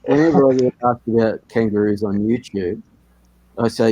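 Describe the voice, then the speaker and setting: A man's voice: mid-range voice, moderate pace, mellow, husky, dry recording, low-quality recording. An Australian man telling a tall story in a casual voice chat, laid-back and chuckling at his own jokes.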